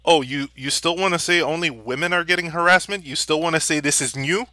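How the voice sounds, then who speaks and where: A young man delivering an angry, profanity-filled vlog rant and shouting at times. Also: on the high side, brisk, no echo, clean studio sound. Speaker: vlogger.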